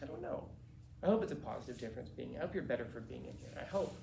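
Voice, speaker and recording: A man's voice: medium pitch, lively intonation, very fast, creaky, echoey room, background noise. A male teacher giving a classroom lecture in a casual, slangy way, acting out quotes as he talks.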